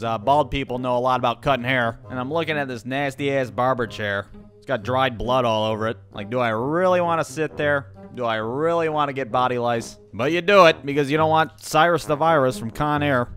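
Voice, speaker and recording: A man tells a comic story in a profane, exasperated, animated manner. His voice sits at a medium pitch. Faint music plays behind him. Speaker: stand-up comedian.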